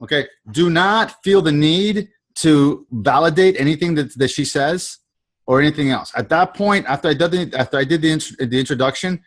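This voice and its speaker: A man's voice: on the high side, normal speed. A man coaching a sales trainee on a video call, talking in a casual, repetitive way and acting out the lines he quotes.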